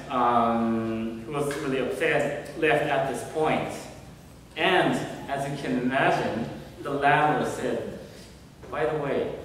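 A male reverend telling a story in a sermon, gentle and unhurried with many pauses. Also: medium pitch, a little hiss or hum. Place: temple hall. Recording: echoey hall from far off.

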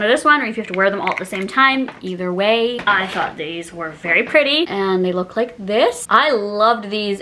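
A woman's voice: on the high side, pushed and bright. A young woman chatting casually through a shopping haul, bubbly and self-mocking, often breaking into giggles. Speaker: vlogger.

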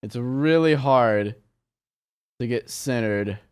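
A young man giving casual gameplay commentary as a video game creator, excitable and quick to burst into shouts and exclamations. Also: mid-range voice, clear, resonant tone. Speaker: gaming YouTuber.

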